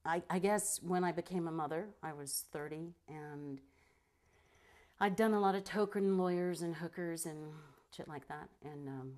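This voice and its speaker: A woman's voice: on the low side, normal speed. A middle-aged woman with a trained stage voice, telling stories in an interview and mimicking other people. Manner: animated storyteller who mimics others. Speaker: guest filmmaker and actor. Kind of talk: interview conversation.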